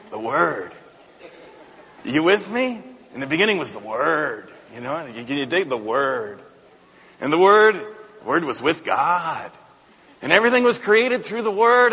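A pastor voicing a mellow hippie surfer dude, drawling slowly and lazily. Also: male voice, a little high, breathy edge, long reverb tail, exaggerated voice. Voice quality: drawling, slow and lazy. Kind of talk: sermon illustration.

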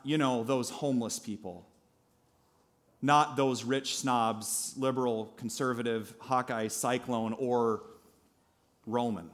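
A pastor preaching a sermon at a church service, telling a story in a lively way with asides to the congregation. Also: male voice, mid-range voice.

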